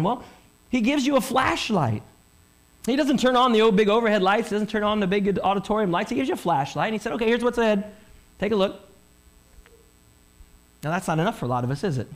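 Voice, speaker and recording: High-voiced man preaching a sermon. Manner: animated preaching, rhetorical questions, voices listeners' thoughts. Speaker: pastor.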